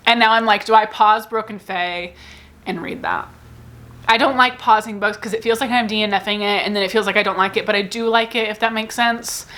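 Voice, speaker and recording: A woman's voice: mid-range voice, fairly even intonation, fairly quick, fairly bright tone. A woman book vlogger in a casual, rambling, self-deprecating chat, talking about her reading.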